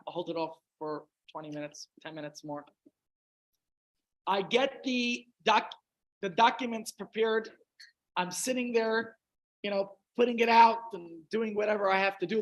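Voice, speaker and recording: A man's voice: sits high, rough recording. A man with a Russian accent, a rabbi telling a long humorous anecdote in a chatty, self-interrupting way. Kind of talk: anecdotal storytelling talk.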